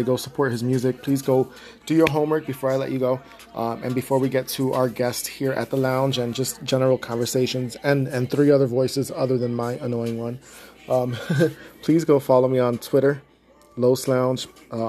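In a mid-range, darkish voice, a young podcast host chats on his own, rambling with no script. He curses freely and laughs a lot.

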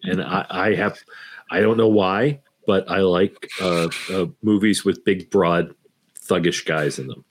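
A man with a very deep voice chats on a podcast with wry, dry humor. His opinions come out casual and firm. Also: a little slow, a little hiss or hum. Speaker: podcast co-host. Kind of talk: casual chat.

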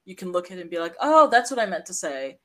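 A woman co-hosts a casual podcast from her home office, chatting in a self-mocking way and often restarting her sentences. Her voice is lowish, and she's very animated and talks fast.

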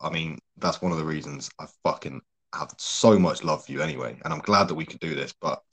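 A man's voice: extremely low pitch, brisk, a bit bright, breathy edge. A man hosting his own podcast in a casual chat with a friend, laid-back and swearing freely, calling his guest mate. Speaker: podcast host.

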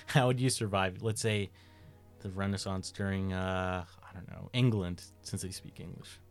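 A young man with a fairly low voice, hosting a relaxed podcast chat. He prods with questions and teases the others. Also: measured pace, faint music behind. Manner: prodding questions, teasing. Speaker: podcast co-host. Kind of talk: casual chat.

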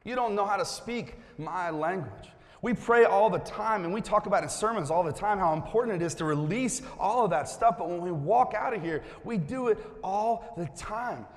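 A man's voice: high voice, animated, normal speed, few pauses. A man preaching as a pastor, coaxing his congregation to join in, then turning earnest. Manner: playful, coaxing the crowd, then earnest and quiet. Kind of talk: sermon with audience participation. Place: church sanctuary. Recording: long hall reverb.

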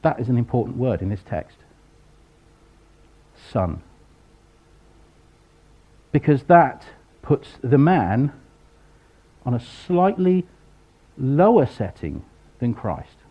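A man preaching a sermon, acting out the people in the story with sudden loud voices. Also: mid-range voice, big pitch swings, takes it slowly, pauses often, breathy edge. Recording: dull lo-fi sound.

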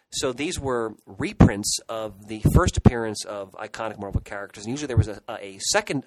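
Here a middle-aged man co-hosts a podcast, reminiscing loosely and fondly about growing up. The audio is poor, and his voice sits in the mid range.

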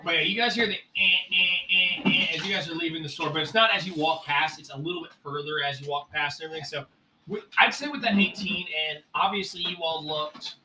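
A man's voice: a little high, steady tone, brisk, roomy sound, distant mic, background noise. A man narrating a tabletop game as game master, in a casual, swearing manner full of fillers.

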